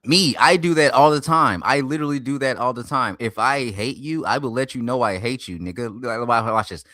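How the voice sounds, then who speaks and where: A man streaming and reacting to a video, talking loudly in profane slang and swinging between hype and mumbles. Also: medium pitch, brisk, hardly any pauses, dry recording, clean studio sound. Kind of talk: casual reaction stream chat.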